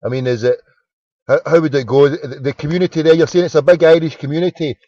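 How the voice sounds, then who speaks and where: A man's voice: fairly high pitch, fairly even intonation, fast, mellow, no room sound. Jokey Glaswegian man, dry lo-fi sound. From Scotland. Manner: jokey, rambling, stumbles over his words. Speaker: radio phone-in host. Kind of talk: casual chat.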